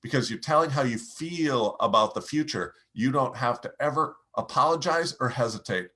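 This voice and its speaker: A man's voice: normal speed, pushed and bright. A middle-aged man giving a motivational lesson on telling your story, speaking directly to the listener and showing how to drop and lift his voice. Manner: direct, coaching, addresses listener as you; demonstrates voice changes, lowering and raising pitch. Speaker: speaking coach. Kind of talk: motivational teaching talk.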